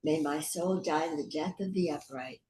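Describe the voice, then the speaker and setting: A class participant reading scripture aloud softly and slowly. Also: mid-range voice, a little hiss or hum, rough recording.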